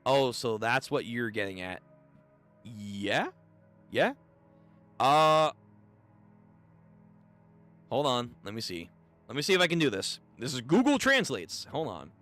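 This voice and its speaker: A streamer reads manga aloud on a live stream, reacting casually with an animated, slangy manner as he chats to viewers. His bright, forward voice swings all over in pitch, though he speaks slowly and pauses often, while soft music hums faintly behind him.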